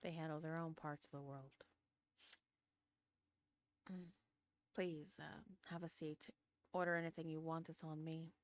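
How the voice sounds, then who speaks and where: A woman voicing Thaddeus, a confident, regal and very old man who plays the relaxed host at a table. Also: low voice, a little slow, long pauses.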